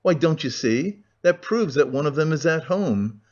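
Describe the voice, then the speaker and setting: A man's voice: a little high, animated, moderate pace, a little mellow. A man voicing a cheerful young man with a ringing voice, on a dull lo-fi recording. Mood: eager.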